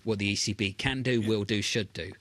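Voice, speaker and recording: A man anchoring a financial news broadcast from a studio, delivering market headlines briskly and pressing his co-hosts with probing questions. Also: on the low side, fairly even intonation, a bit bright, dry recording.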